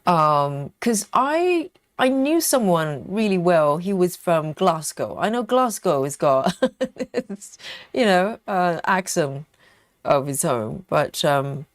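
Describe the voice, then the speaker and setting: A woman's voice: fairly low pitch, sing-song, takes it slowly, no echo, studio quality. A woman hosting a craft livestream, chatting casually while she reads viewers' comments aloud, often laughing and repeating words as she thinks. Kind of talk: casual chat reading live comments.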